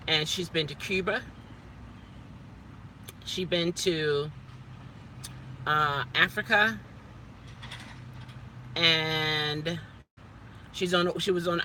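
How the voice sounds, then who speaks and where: Slow-talking woman chatting in a car. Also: low-pitched, pushed and bright, slight background noise. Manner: rambling, chatty, with self-talk asides. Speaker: rideshare driver. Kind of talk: casual vlog chat. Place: inside a car.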